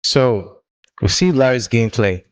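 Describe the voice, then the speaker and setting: A man's voice: medium pitch, animated, measured pace, rough recording. A man hosting a reaction video, talking casually and emphatically, throwing rhetorical questions and calling the listener "bro".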